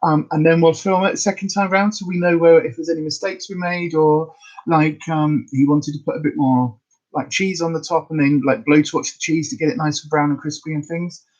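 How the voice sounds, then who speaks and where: A woman's voice: sits low, steady tone, a little fast, a little mellow, lo-fi sound. A woman hosting a casual weight-loss livestream, chatting in a rambling way with lots of ums and restarts.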